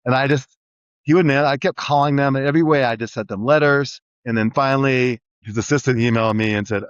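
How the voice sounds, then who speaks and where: A middle-aged man, a guest on an interview show, telling his story in an energetic, rambling way with lots of restarts. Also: medium pitch, brisk, smooth, no echo. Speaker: guest entrepreneur. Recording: dry, slightly dull sound.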